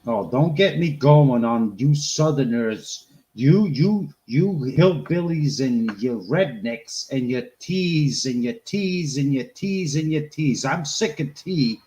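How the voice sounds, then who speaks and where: A man with a Boston accent talks in casual chat, worked up and animated. He keeps circling back on the same words as he complains. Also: medium pitch, slow pace, hardly any pauses, poor audio. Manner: animated, ranting, repeats words.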